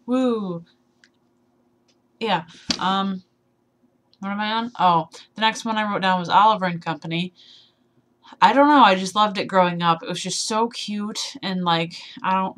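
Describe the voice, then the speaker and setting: Rambling sleep-deprived young woman, lowish voice. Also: a bit bright. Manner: rambling, self-deprecating, giggly. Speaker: vlogger. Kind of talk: casual tag video chat.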